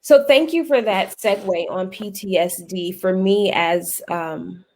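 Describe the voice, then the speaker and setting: A woman hosting a casual panel conversation, speaking in a lilt. She tells stories with animation and laughs often. Her voice sits at an ordinary middle pitch. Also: unhurried. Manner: animated storyteller, laughs often, folksy phrasing. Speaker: guest host.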